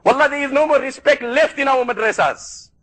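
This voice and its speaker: Guy preaching a sermon, really high voice, fast and fired up. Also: a bit bright, low-quality recording. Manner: fervent, emphatic preaching. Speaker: Islamic preacher. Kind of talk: sermon to a gathering.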